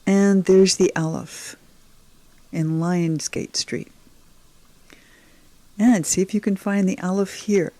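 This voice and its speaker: A female Hebrew teacher narrates a beginners' slide lesson slowly, with long pauses and fairly even intonation. Her voice is medium-pitched and dark, with no room sound, and she encourages the viewer directly.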